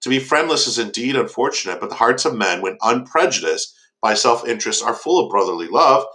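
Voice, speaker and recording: A man voicing a kindly old blind man who welcomes a stranger, speaking gently and hospitably. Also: mid-range voice, animated, fairly quick, low-quality recording. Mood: reassuring.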